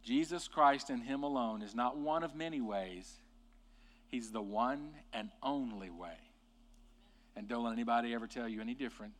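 A man preaching a sermon with passion, rising to loud emphatic peaks and dropping to quiet, deliberate lines. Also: mid-range voice. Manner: impassioned, swings from hushed to loud and emphatic.

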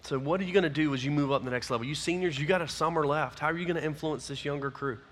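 Youth pastor, man, forceful bright tone, slightly high voice, folksy and exhorting. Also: very fast. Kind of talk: closing talk to a youth group.

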